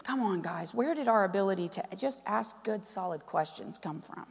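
A woman preaching a sermon, animated and full of questions to the congregation. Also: on the low side, moderate pace, vocal fry, few pauses, husky, big-room sound. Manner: animated, asks the crowd many questions. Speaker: pastor's wife preaching.

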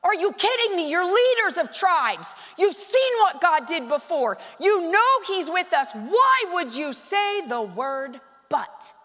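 A woman's voice: very high-pitched, sing-song, slow pace, hardly any pauses, fairly bright tone, voice pushed up, full character voice. Woman preaching as angry Caleb, scolding. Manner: scolding, exasperated. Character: Caleb, a fed-up male Israelite leader, righteously angry. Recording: long hall reverb.

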